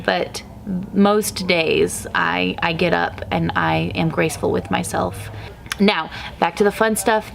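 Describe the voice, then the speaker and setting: A woman's voice: medium pitch, gravelly, a little hiss or hum. A woman hosting a casual vlog, speaking candidly with restarts as she walks through her own small retail store. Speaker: vlog host, store co-owner.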